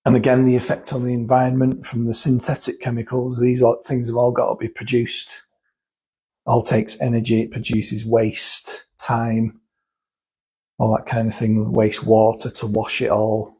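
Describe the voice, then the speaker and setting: A man's voice: mid-range voice, monotone, normal speed, a little mellow, slightly rough, low-quality recording. A man talking casually and explaining things step by step, thinking aloud and restarting sentences as he goes. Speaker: guest explaining cosmetic chemicals. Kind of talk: casual chat.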